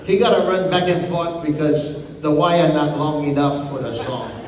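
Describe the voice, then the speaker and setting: A man's voice: fairly high pitch, moderate pace, a little hiss or hum. An older man from Hawaii with a Hawaiian accent, a comedian chatting and telling stories to a live audience. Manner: animated, chatty storyteller. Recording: echoey hall from far off.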